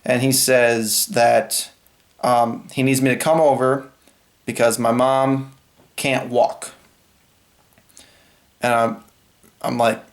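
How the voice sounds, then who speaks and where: A man's voice: medium pitch, flat delivery, slow pace, pauses often. A young man telling a personal story in a casual vlog, rambling and acting out the people he talks about. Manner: rambling, retelling a phone call and quoting others. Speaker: vlogger.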